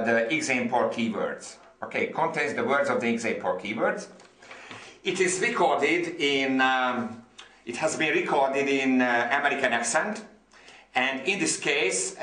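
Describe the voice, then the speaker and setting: A man's voice: mid-range voice, pushed and bright, roomy sound. A man with a Hungarian accent, a native Hungarian speaker, giving an online English lesson with enthusiasm, repeating words and using many fillers. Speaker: English teacher.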